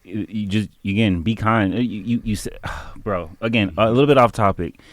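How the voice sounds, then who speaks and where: A man's voice: on the low side, normal speed, no room sound. A man co-hosting a podcast in casual chat, often checking in with his listeners. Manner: keeps asking "you know what I mean". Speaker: podcast co-host.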